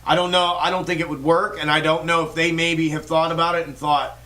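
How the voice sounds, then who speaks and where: A man's voice: on the high side, level tone, a little fast, few pauses, pushed and bright, rough recording. A man hosting a stock market livestream, talking in a fired-up, rambling way with lots of swearing, restarts and fillers while he answers viewer comments. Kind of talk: casual livestream chat reading viewer comments.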